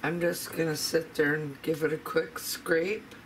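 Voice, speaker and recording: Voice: medium pitch, little pitch movement, a little slow, very noisy. A home cooking vlogger demonstrating a recipe in a casual, chatty way in a kitchen, talking straight to the viewers.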